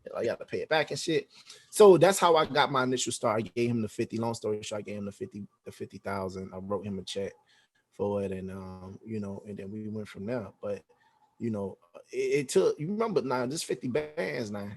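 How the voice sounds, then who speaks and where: A man's voice: lowish voice, fairly quick. A man, a podcast guest, telling a story in a casual interview, acting out the dialogue with lots of slang and swearing. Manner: animated, acts out quoted dialogue, heavy slang and swearing.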